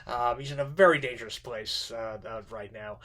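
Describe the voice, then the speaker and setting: A man teaching literature in an informal lecture, halting with many fillers and restarts. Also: mid-range voice, fairly bright tone.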